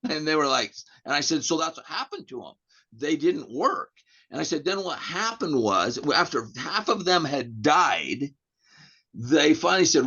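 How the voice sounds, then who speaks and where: A man's voice: fairly high pitch, unhurried, slightly rough. Rambling American man telling a story. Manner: rambling, restarts, animated retelling of dialogue. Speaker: podcast guest, real estate agent. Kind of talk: casual storytelling in an interview. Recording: dull lo-fi audio.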